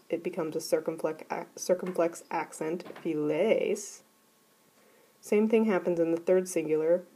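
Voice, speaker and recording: Woman explaining grammar, low and mellow. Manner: clear, methodical explaining. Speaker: Greek teacher. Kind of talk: recorded grammar lesson.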